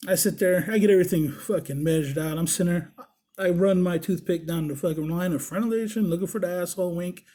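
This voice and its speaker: A man hosting his own show, telling a story in a casual, profane, animated way and acting out the dialogue as he goes. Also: high-pitched, fast. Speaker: body piercer and show host.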